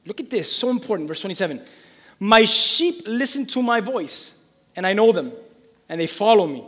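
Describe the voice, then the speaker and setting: A man preaching a sermon as pastor, fervent and repetitive, building up to shouting. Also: sits high, sing-song, normal speed, in a large hall. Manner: fervent, repeats phrases for emphasis, builds to shouting.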